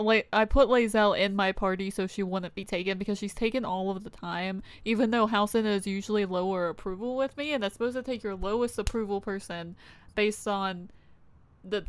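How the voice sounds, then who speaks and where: A woman's voice: mid-range voice, smooth, no room sound. A young woman talking over a live-streamed game in a chatty, laughing way, tossing in casual swears. She is close to the mic and the sound is dry and dead.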